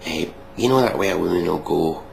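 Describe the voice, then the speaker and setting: A man's voice: sits low, brisk, vocal fry, a little hiss or hum, poor audio. A man hosting a casual reaction video, mocking and sarcastic, swearing freely.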